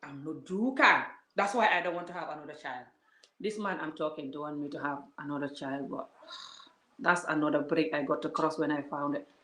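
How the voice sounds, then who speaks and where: A woman's voice: deep voice, a little fast, fairly bright tone. A woman vlogger ranting to her viewers in a heated, scolding way, talking straight at them. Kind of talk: casual vlog rant to viewers. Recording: roomy echo.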